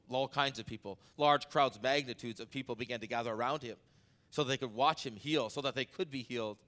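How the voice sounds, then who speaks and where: This pastor's sermon carries a fairly bright tone as he tells an anecdote in an easy, conversational manner. He rises to emphatic peaks before bringing his voice back down low.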